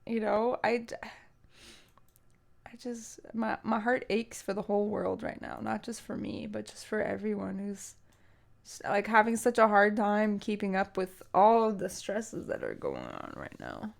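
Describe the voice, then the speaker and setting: Young woman streamer, emotional and teary, loose rambling chat with lots of "like", average pitch. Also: lively intonation, unhurried, creaky. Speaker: streamer and singer. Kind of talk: casual live-stream chat.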